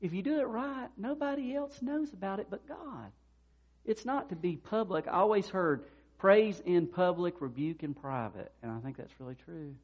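A pastor with a high voice preaches at normal speed in a conversational style, captured in dull audio. He acts out the people in his stories, retelling their dialogue with animation.

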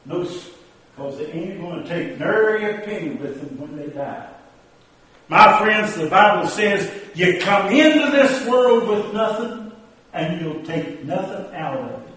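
A homespun old country preacher, voiced by a man with a drawl and a rural turn of phrase. His voice sits high and he unhurriedly lets each line land. The recording is heavily echoey and sounds as if the mic is well away from him. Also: expressive, measured pace, fairly bright tone, distant mic. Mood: preachy. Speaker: storytelling preacher character. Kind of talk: comic monologue with hymn snatches.

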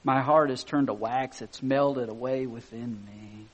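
A man preaching a sermon, reading scripture softly and then rising to loud, excited emphasis, chuckling between points. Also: mid-range voice, unhurried, slightly rough.

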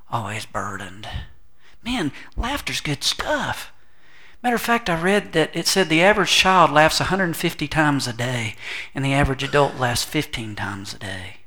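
A middle-aged man preaching a sermon with animated delivery, humorous asides and quoted voices. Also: mid-range voice. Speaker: pastor.

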